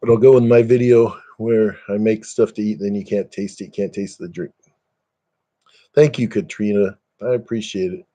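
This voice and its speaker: Older man, low mellow voice, casual webcam stream chat, rambling, self-deprecating, chuckling. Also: level tone, brisk, hardly any pauses. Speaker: live streamer.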